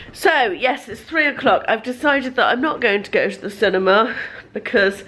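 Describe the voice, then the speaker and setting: A woman in her fifties, hoarse and congested with a cold, chatting casually to camera as a lifestyle vlogger in her bedroom. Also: fairly high pitch, moderate pace, a bit bright, slight background noise. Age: 50s. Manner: chatty, self-deprecating, rambling. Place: bedroom at home.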